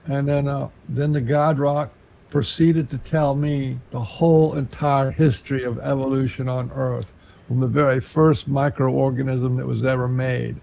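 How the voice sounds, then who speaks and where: A man speaks at a middle pitch in a gravelly voice. His tone is dark and mellow. As an interview guest, he tells a long, winding story in an earnest way. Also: steady tone, measured pace, a little hiss or hum, rough recording. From Texas.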